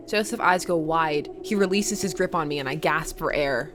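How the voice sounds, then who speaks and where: A woman's voice: deep voice, normal speed, few pauses, over music. A woman hosting a let's play, reading the game aloud with wry, jokey asides.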